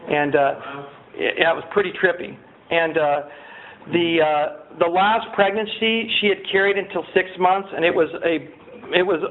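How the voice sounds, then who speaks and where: A middle-aged man giving a rambling personal testimony to a group, full of fillers and acted-out quotes. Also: on the high side. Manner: rambling, many fillers, acts out quotes in a raised voice. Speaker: speaker sharing his recovery story. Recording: tinny phone-like sound with faint noise.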